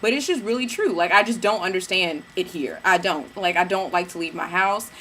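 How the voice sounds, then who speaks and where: Young woman ranting on her vlog, bright voice, sassy slang, little mimicked asides, faint room hum. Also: on the low side, brisk. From Georgia, US. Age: young adult. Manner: animated, mimics people in asides, sassy slang, bursts of cackling laughter. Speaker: vlogger. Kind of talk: casual storytelling rant.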